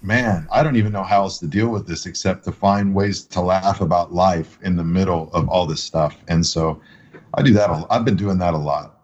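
A man's voice: low-pitched, moderate pace, a little mellow. A man, a pastor, talking frankly and reflectively on a panel, laughing easily. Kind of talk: conversational panel discussion. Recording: dull lo-fi audio.

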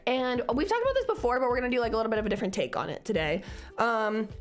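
A woman's voice: a little high, expressive, very fast, faint music behind. Young woman co-host, profane and upbeat. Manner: loose, profane, confident pep talk. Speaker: podcast co-host. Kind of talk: casual chat.

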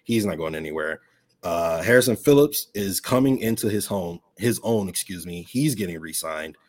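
A man with a low, husky voice, a guest on a casual sports chat over a remote call. He rambles enthusiastically, stumbling and correcting himself as he goes. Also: lively intonation, normal speed. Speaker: podcast guest, brand president.

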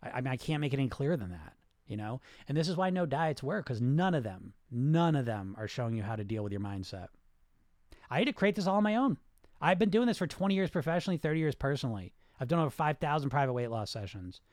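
A man's voice: mid-range voice, very animated, fast talker, darkish tone, no room sound, studio quality. A middle-aged man coaching on weight loss in a casual, blunt, rambling way, with restarts and swearing. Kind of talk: casual coaching talk answering listener questions.

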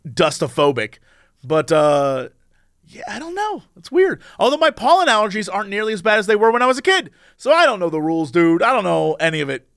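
A man co-hosting a podcast in casual chat, telling rambling, animated stories. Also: high voice, a little fast, smooth, dry recording, clean studio sound. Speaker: podcast co-host.

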